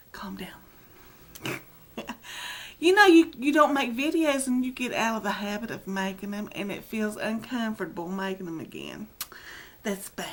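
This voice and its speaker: A woman's voice: a little high, a bit bright. A middle-aged woman, chatting to her webcam in a rambling, self-deprecating way, teary and close to crying. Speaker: video blogger. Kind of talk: casual chat to camera.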